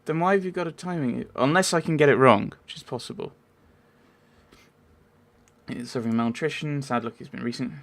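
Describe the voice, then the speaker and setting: A man's voice: mid-range voice, brisk, pauses often. A man giving rambling, casual commentary over a video game, with wry asides and frequent self-interruptions. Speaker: let's play gamer.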